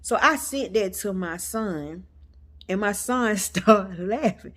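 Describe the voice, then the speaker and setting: A woman's voice: medium pitch, lively intonation, takes it slowly. A woman vlogger telling a story to her viewers in a chatty, emphatic way, calling them y'all. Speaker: metaphysics vlogger.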